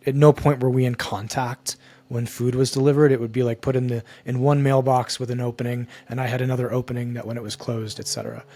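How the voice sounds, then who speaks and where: A man, a guest on a podcast, telling a personal story in an earnest, halting way that repeats and restarts phrases. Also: medium pitch, a little mellow, dry recording. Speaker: guest, men's coach.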